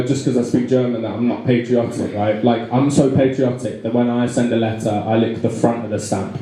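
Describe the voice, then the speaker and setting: Rambling English stand-up comic, echoey venue. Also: male voice, medium pitch. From England. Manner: rambling, halting delivery with frequent fillers and restarts. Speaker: stand-up comedian. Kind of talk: live stand-up comedy. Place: live comedy night in a pub venue. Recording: very echoey live room.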